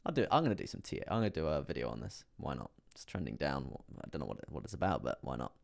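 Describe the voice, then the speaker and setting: A young man with an English accent, casually talking through crypto charts on a live stream in a monotone, chatty way. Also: rumbling low, very fast, creaky. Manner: chatty, laughs often, reads chat aloud.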